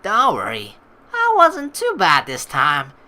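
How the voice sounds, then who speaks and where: A woman's voice: fairly low pitch, wildly swooping pitch, takes it slowly, pushed and bright, exaggerated voice. A woman voicing a grimy, creepy trucker man with a scratchy voice and a slight twang. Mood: gruff.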